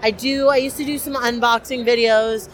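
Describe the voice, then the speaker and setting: A woman's voice: fairly high pitch, fairly even intonation, normal speed. A young woman cosplayer, chatty and enthusiastic with many fillers, interviewed at a convention. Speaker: cosplayer guest.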